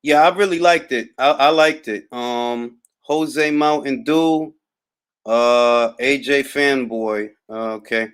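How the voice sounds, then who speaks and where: A man's voice: medium pitch, takes it slowly, smooth. Laid-back New York man on a livestream. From Harlem, New York. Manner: laid-back, drawling, wry and boastful. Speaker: boxing talk host reading live chat. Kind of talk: casual livestream chat.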